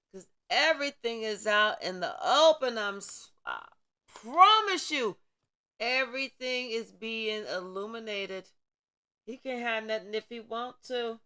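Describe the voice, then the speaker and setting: Woman tarot reader, preachy and profane, bright tense tone, drawn-out delivery. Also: fairly high pitch. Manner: emphatic, preachy, repetitive, profane. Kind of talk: tarot reading vlog, spiritual pep talk.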